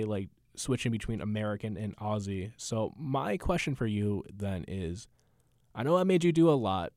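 A man's voice: mid-range voice, a little mellow, dry recording, studio quality. A man hosting a podcast, chatting casually and rambling a bit as he asks his guest questions. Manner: rambling, self-deprecating. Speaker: podcast host. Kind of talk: casual interview chat.

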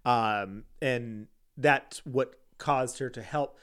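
A man co-hosting a casual podcast chat, talking in a giggly, animated way with lots of laughter. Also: medium pitch, takes it slowly. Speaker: podcast co-host. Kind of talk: casual chat recapping a reality show.

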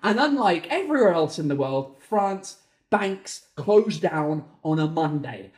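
A man hosting a comedy podcast, telling exasperated stories in an animated, swearing comic monologue from his garden home office. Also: sits high, normal speed. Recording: echoey room.

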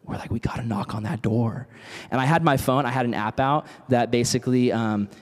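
Young man, youth sermon, casual storytelling, mid-pitched voice, long hall echo. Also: fairly quick. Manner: casual, animated, storytelling with acted quotes. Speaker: youth speaker. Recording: reverberant hall.

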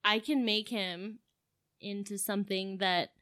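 A woman's voice: mid-range voice, fairly even intonation, unhurried, bright, forceful tone, no room sound, studio quality. A young woman co-hosting a podcast, talking earnestly and emotionally in casual chat, with lots of "like.". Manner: earnest, emotional, heavy use of "like". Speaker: podcast co-host.

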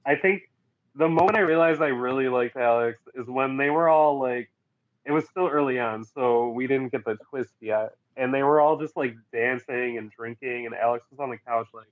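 A man's voice: medium pitch, normal speed. A man as the guest on a casual podcast chat, easygoing and laughing along. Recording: dull lo-fi sound.

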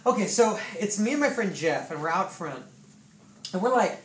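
A pastor telling a sermon story in a lively, laughing way, full of fillers. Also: medium pitch, normal speed. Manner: animated, laughing, many fillers. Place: church hall with congregation. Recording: echoey hall, distant, noisy.

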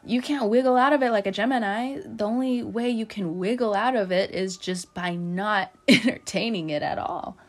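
A woman's voice: medium pitch, moderate pace, hardly any pauses. Chatty young woman reading tarot cards. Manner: laughs often, loose filler-heavy talk. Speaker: podcast host doing a tarot reading.

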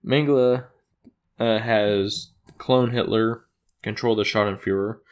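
Man with a fairly low voice, loose rambling recap style, trips over and fixes his own phrasing. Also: steady tone, a little slow. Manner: rambling, self-correcting, chuckles at own retelling. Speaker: episode recapper. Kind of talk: casual plot recap.

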